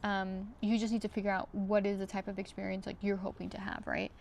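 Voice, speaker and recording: A woman's voice: medium pitch, little pitch movement, brisk, gravelly, slight background noise. Emotional woman in a reflective vlog. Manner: emotional, near tears at times, with soft laughs; chatty with many fillers. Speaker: vlogger.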